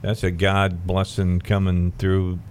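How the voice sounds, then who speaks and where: A man hosting a radio talk show, chatting with his guests in a halting, conversational way with many fillers and upbeat station breaks. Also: low voice, completely flat delivery, a little mellow, a little hiss or hum.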